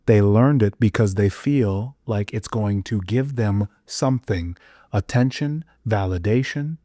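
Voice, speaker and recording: A man on a podcast delivering an intense monologue. He asks rhetorical question after rhetorical question and swings from low muttering to loud exclamations. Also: a little slow, no room sound, clean studio sound. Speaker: podcast guest.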